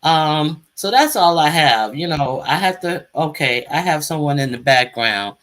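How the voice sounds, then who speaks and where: A woman's voice: low-pitched, expressive, a little slow, a bit bright. A woman hosting a casual live stream, chatting and calling guests up to speak. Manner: chatty, calls out guests by name.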